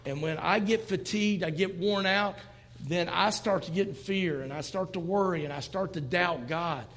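A man's voice: high voice, moderate pace, a bit bright, long reverb tail. A man in his fifties preaching a sermon to a church congregation, talking in a conversational way and acting out quoted lines. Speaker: pastor. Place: church sanctuary.

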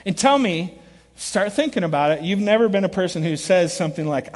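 A middle-aged man preaching a sermon, telling stories with lively acted quotes and dropping to quiet, earnest asides. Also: high-pitched, brisk. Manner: animated storytelling, shifts between loud acted quotes and quiet earnest asides. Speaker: pastor. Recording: long reverb of a large hall.

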